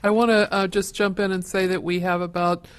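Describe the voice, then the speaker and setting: A woman chairing a county commission meeting, giving brisk procedural remarks. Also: mid-range voice, little pitch movement, smooth.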